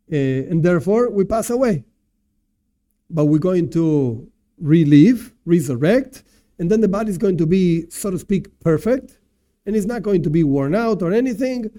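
Man, informal religious lecture, slightly high pitch, very dark mellow tone, rephrases often. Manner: thinks aloud, rephrases and translates terms as he goes. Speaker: religious teacher. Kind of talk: informal lecture on Jewish teachings.

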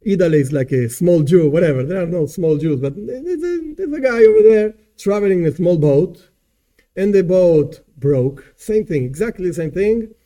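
A man teaching a song, translating and explaining it phrase by phrase in a slow, searching way. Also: high voice, animated, mellow.

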